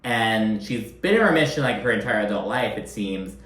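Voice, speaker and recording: A man giving a casual, animated recap, swearing often and acting out quotes in mocking voices. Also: fairly low pitch, moderate pace, echoey room. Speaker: recap commentator. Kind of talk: casual reality-show recap.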